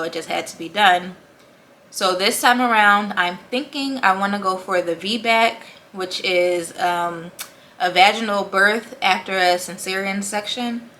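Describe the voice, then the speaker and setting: Young woman vlogging, lower voice, kinda breathless, laughs a lot, faint background hum. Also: sharp tone. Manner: chatty, laughs often between thoughts. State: short of breath, with a headache. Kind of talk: casual pregnancy update vlog.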